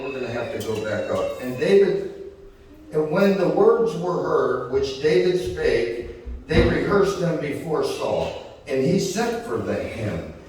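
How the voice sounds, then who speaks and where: A male preacher with a fairly high voice reads scripture and then retells it in loose, everyday speech, voicing the characters as he goes. He sounds distant from the mic, with a heavy church-hall echo ringing around him and a faint room hum underneath. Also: a little mellow. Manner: retells scripture in casual paraphrase, acting out the characters. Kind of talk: sermon with scripture reading. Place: church sanctuary.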